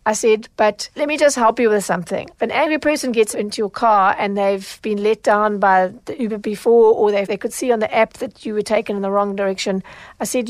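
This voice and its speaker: A woman's voice: mid-range voice, dry recording. A middle-aged woman hosting a solo podcast about consumer matters, telling a story and acting out what people said. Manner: animated when retelling, acts out quoted lines. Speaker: podcast host, consumer advocate.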